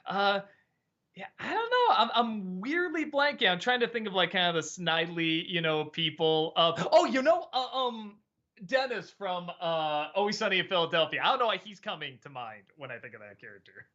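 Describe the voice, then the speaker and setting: A man hosts a casual question-and-answer stream, musing out loud, trailing off and restarting his thoughts. His pitch swings a lot and his tone is bright and forward. The audio sounds dull and lo-fi. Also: expressive, moderate pace. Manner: musing, hesitant, many ums and restarts. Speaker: host.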